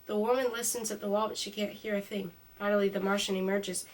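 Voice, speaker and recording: Calm woman reading a storybook. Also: mid-range voice, quick pace, slight background noise. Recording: slightly distant mic.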